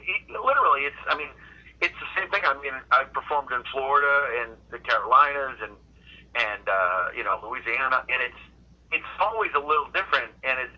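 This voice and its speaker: A middle-aged man from Boston chats as a comedian guest, rambling through his stories with plenty of restarts. His voice is husky and sits at a middling pitch. The audio is dull and lo-fi, like a remote call. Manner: rambling storyteller, frequent restarts. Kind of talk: casual interview chat.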